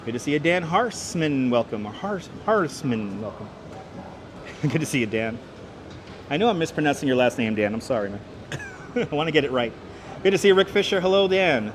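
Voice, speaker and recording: Male livestream host, slightly high voice, upbeat and chatty, greets viewers one by one. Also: lively intonation, a little fast, long pauses, slight background noise. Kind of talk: walking livestream, reading chat aloud. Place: city streets and a large indoor station hall. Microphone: wireless clip-on mic.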